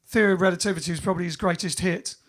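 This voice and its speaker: High-voiced chatty English man. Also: fairly even intonation, very fast, a bit bright. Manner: chatty, jokey, reads comments aloud. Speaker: band member hosting a live stream. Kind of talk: casual chat, reading out viewer comments.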